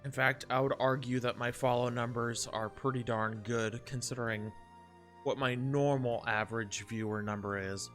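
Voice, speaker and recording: A man's voice: medium pitch, steady tone, moderate pace, a bit bright. Male streamer, casual live chat, rambling and self-interrupting, faint guitar music underneath. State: a bit out of breath.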